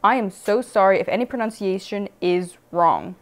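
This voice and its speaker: A young American woman chatting playfully as a vlogger on a lapel mic, reading some history aloud quickly. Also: medium pitch. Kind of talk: casual vlog narration.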